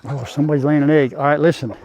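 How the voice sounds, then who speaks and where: A man's voice: on the high side, steady tone, rapid-fire, darkish tone, a little hiss or hum. Folksy older man talking to chickens. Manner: folksy rural drawl, talks to his animals. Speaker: farm vlogger. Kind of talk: casual farm vlog. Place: outdoors in a chicken coop.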